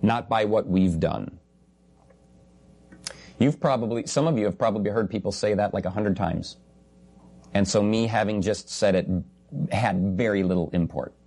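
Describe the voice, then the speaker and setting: A man's voice: lowish voice, moderate pace, long pauses, darkish tone. A man preaching a sermon earnestly and emphatically, repeating key phrases and slipping in humorous asides.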